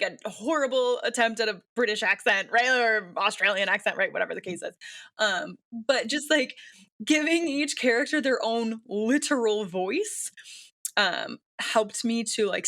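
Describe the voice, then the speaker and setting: Woman, bright forceful voice, chatty, self-deprecating, filler-heavy, casual interview guest. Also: medium pitch. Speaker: author guest.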